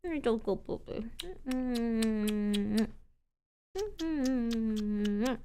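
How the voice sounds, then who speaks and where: A woman live streamer chatting casually, excitable and swinging between loud outbursts and quiet mumbles, grateful and playfully defensive. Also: on the high side, extremely slow, a little hiss or hum. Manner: playfully defensive toward chat; warm and grateful, thanking people one after another.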